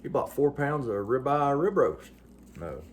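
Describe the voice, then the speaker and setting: A man's voice: medium pitch, sing-song, a little slow, a little hiss or hum. A middle-aged man, talking to his vlog viewers in a folksy, joking way with lots of fillers. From West Virginia. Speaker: vlogger. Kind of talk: casual vlog talk.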